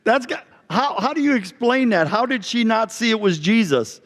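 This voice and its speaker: Male pastor, conversational sermon delivery, higher-pitched voice, echoing sanctuary. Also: measured pace, fairly bright tone. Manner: conversational preaching, asks the congregation questions. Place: church sanctuary. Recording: long church reverb.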